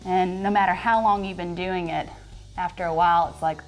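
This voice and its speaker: A woman's voice: lowish voice, steady tone, a little fast, faint music behind. Chatty, playful woman yoga instructor. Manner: chatty, playful and joking while guiding poses. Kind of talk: guided yoga class.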